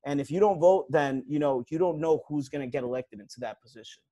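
Earnest man with a dark, mellow voice. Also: a little high, quick pace, no room sound. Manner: earnest, lots of um and you know. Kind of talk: casual conversation on civic issues.

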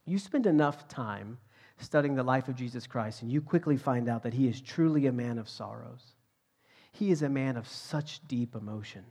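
A male pastor delivering a sermon at a mid-range pitch. He drives key points with rising volume and then sinks into soft, breathy whispers. His delivery is dynamic and earnest. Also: normal speed. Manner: dynamic, swings from loud emphasis to hushed whispers.

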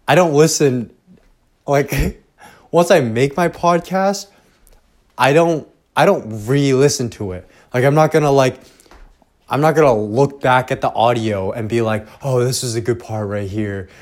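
A young man talks alone into his podcast setup, drifting from thought to thought and swearing freely. He speaks slowly, stalls often, and pokes fun at himself. He wears headphones while recording at home. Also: mid-range voice. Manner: profane, self-deprecating, trailing off. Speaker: podcast host. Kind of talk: rambling casual monologue.

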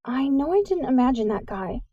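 An awkward, self-conscious teenage girl, a touch nervous and eager to please, as a woman reads her in a storybook. The voice is mellow and dry, set close. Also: high-pitched, very animated, a little fast, no echo, highs cut off, pitched above the performer's own voice.

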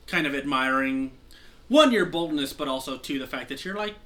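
Bright-voiced male game master, sore throat. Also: mid-range voice, expressive, normal speed. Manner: rambling, many fillers and restarts. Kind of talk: narrating a tabletop game.

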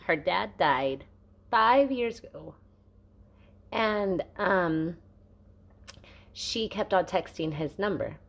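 Woman, low voice, podcast co-host, casual chat, rambling, joking, filler-heavy. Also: animated, takes it slowly, gravelly, pauses often.

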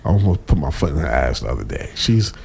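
A man in casual podcast chat, animated and blunt, acting out his kids' voices as he tells stories. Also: a bass voice, fast talker, gravelly, slightly rough. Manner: profane, blunt. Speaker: podcast co-host.

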